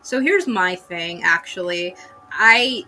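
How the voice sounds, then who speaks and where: Female streamer, casual drawing-stream chatter, slow rambly delivery, bright forward tone, swears freely, faint music bed. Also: on the low side, animated. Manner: swearing, exclaiming, rambling asides; shrieks when shocked.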